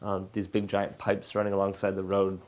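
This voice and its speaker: Low-voiced author talking in an interview. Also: male voice, completely flat delivery, normal speed, a little mellow. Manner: rambling, frequent fillers and restarts. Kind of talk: casual interview answers.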